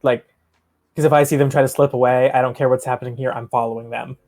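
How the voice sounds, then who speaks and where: A tabletop player talking in character with a measured, wary delivery. The pitch stays in a plain middle range. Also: flat delivery, darkish tone.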